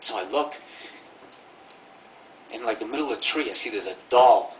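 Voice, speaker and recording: A man's voice: medium pitch, moderate pace, a little hiss or hum. A man in his thirties telling a personal story live, rambling and swearing, with lots of fillers, in a tinny, echoey recording from far off.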